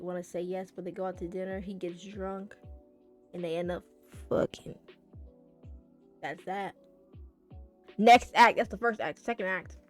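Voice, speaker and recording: A woman recapping a romance manga on her channel, casual and profane, gushing and swinging between loud and soft. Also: mid-range voice, dry recording. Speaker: manga reviewer.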